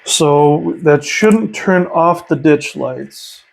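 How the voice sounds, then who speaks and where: A man's voice: on the high side, very slow, gravelly, a little hiss or hum, poor audio. Upbeat man explaining model trains. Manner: enthusiastic, chatty, thinking aloud. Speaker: model train hobbyist host. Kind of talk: casual hands-on tutorial.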